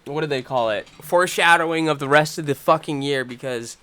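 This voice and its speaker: A young man hosting a live stream, talking in a profane, rambling way that swings from loud angry ranting to low, muttered talk. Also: a little fast, clear, resonant tone. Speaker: channel host.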